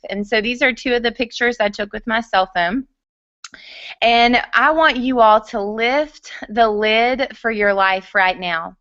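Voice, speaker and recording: A woman's voice: on the high side, fairly bright tone, dry recording, highs cut off. An enthusiastic woman from the United States speaking to a conference audience in a motivational stage talk.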